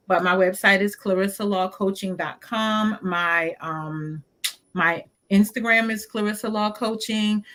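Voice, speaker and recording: A woman's voice: medium pitch, fairly bright tone. A woman business coach on an online panel, speaking at an easy pace with frequent ums as she shares her contact details. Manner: unhurried promotional talk with many ums. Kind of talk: casual online panel chat.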